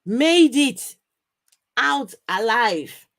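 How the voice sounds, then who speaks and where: A woman co-hosting a live stream, chatting casually with an animated, incredulous manner and frequent laughter. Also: on the high side, extremely slow, dry recording, studio quality. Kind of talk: casual chat reacting to a video. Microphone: streaming microphone.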